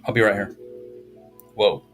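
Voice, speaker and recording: A man's voice: on the low side, flat delivery, a little slow, a bit bright, soft background music. A man chatting casually on a live stream in a rambling, sarcastic and self-mocking way.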